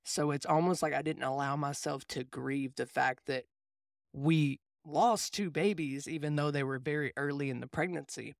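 Earnest gravelly-voiced man, dry sound. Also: fairly high pitch, normal speed, dry recording. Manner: earnest, reflective storytelling. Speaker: podcast co-host, mindset coach. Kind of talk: casual faith conversation.

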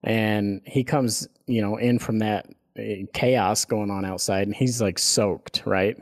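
Low-voiced man telling a rambling story. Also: fairly even intonation, slow pace. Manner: rambling, profane, laughs through his story. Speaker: podcast co-host. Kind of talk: casual storytelling chat.

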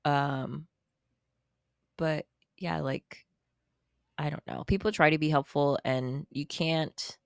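A young adult co-host talks casually on a podcast at a middle pitch, easygoing and agreeable. The voice is recorded dry and close, with no room sound. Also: steady tone, takes it slowly, creaky, pauses often, clean tone, no room sound. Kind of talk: casual chat, reading a post aloud.

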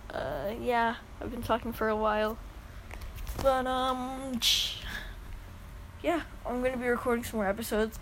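A woman's voice: a little high, a little hiss or hum, poor audio. A young woman hosting a podcast, reading a story aloud and then rambling casually with a giggly, self-deprecating manner. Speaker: podcast host.

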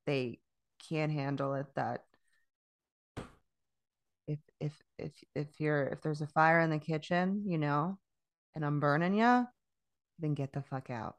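Low-voiced profane woman chatting. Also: measured pace, pauses often. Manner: candid, profane, laughs often. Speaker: podcast co-host. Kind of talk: casual chat.

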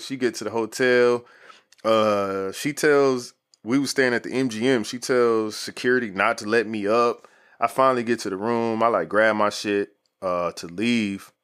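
A man's voice: fairly low pitch, a bit bright, smooth. A man in his thirties telling a story in casual, slangy talk full of "like" fillers. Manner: laid-back, slangy, lots of "like" fillers.

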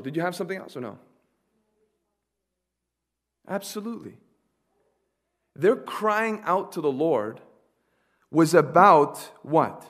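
High-voiced man preaching a sermon. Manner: preaching with rhetorical questions to the congregation. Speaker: pastor.

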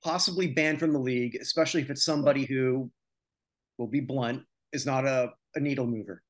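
A man's voice: medium pitch, fairly quick. A man from North America hosting a sports podcast, talking casually and with strong opinions. He rambles and rants, with frequent filler sounds between his points. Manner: opinionated, ranting, many filler "uh"s. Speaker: podcast host.

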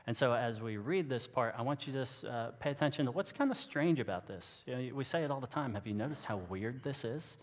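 A man preaches in a relaxed, joking way, often stopping and restarting his sentences. His voice sits at a middle pitch. It rings with the long reverb of a large church hall. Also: fairly quick, few pauses. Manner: conversational and joking, with frequent restarts. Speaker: pastor. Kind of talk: sermon. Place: church sanctuary.

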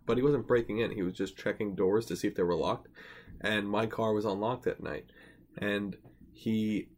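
A man's voice: on the low side, steady tone, moderate pace, a little mellow, slight background noise. Young man, rambling podcast co-host. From Irish background, from a white suburban area. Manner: swears a lot, rambling with many "like" fillers. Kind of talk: casual podcast chat.

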